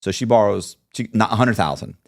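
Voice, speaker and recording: A man's voice: on the low side, fairly quick, gravelly. A man telling a long story as a podcast guest, acting out the people he quotes. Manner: lively storyteller who acts out the people he quotes. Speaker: interview guest.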